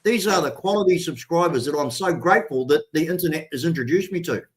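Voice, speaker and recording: An older Australian man with a fairly high voice talks loosely on a livestream. He rambles and stumbles over his words, restarting sentences as he goes. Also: lively intonation, quick pace, slight background noise. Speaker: livestream host. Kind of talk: casual livestream chat.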